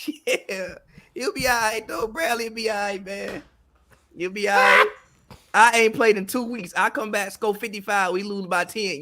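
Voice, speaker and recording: High, bright-voiced man arguing basketball. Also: a little slow. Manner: animated, slangy and repetitive. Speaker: podcast co-host. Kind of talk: casual sports debate.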